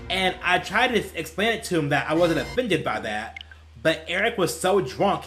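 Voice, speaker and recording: Lively rambling young man, music behind. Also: high voice, unhurried. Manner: rambling, laughing at his own stories. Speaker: gaming YouTuber. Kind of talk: casual storytelling while playing.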